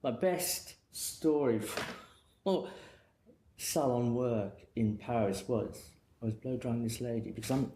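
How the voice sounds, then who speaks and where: A man's voice: medium pitch, takes it slowly, mellow. A middle-aged man from England, a guest hairdresser telling long rambling anecdotes in casual chat. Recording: echoey room with faint noise.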